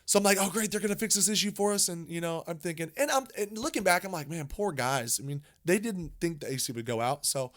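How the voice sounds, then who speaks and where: A man co-hosting a podcast, telling a story in a casual, animated way, with frequent restarts and repeated words. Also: high voice, fast, few pauses. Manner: animated, rambling with many restarts. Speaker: podcast co-host.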